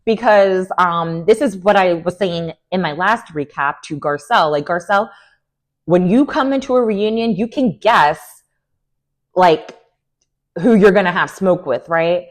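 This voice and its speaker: A young woman with a sassy, animated manner, giving an opinionated recap of a reality TV show. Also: fairly low pitch, unhurried. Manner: animated, sassy, lots of "like" and "girl". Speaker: recap vlogger.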